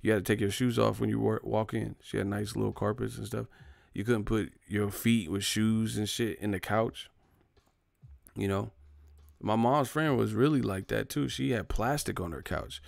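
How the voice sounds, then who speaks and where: A man's voice: on the low side, fairly even intonation, normal speed, gravelly, dry recording. A young man hosting a livestream, telling profane stories in a casual comedic rant and reading out names from the chat, close to the mic. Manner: profane, storytelling, reads chat names, laughs loudly. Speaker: livestream host.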